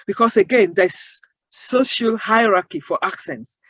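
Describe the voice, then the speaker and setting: A woman speaking as an interview guest, earnest and emphatic, building her points with rhetorical questions in measured phrases. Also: mid-range voice, animated, a bit bright, husky, dry recording, low-quality recording. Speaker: guest, accent-bias advocate. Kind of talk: interview answers.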